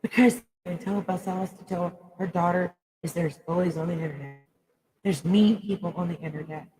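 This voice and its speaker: A woman's voice: fairly low pitch, steady tone, moderate pace, warm tone, long reverb tail, low-quality recording. A woman giving a raw, emotional personal monologue to viewers, speaking bluntly and swearing freely.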